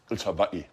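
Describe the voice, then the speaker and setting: A man hosting a casual podcast chat in a kitchen, telling jokey stories with lots of swearing. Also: noisy background. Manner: profane, joking storyteller.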